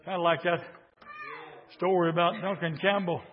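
Male revival preacher. Pitched high, swings from hushed pleading to full shouts. Dull, lo-fi recording. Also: steady tone, normal speed, a little hiss or hum. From southern Indiana, USA. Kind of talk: revival sermon.

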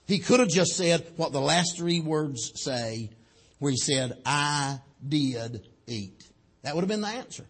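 Male preacher, high husky voice, preaches with big swings from shouting to hushed. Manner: swings from loud shouting to low and quiet, punctuated with amen. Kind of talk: sermon.

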